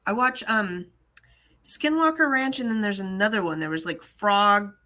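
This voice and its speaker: Bright, chatty American woman host. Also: medium pitch, moderate pace. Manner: chatty, animated, laughs often. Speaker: online selling host. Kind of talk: casual live Q&A chat.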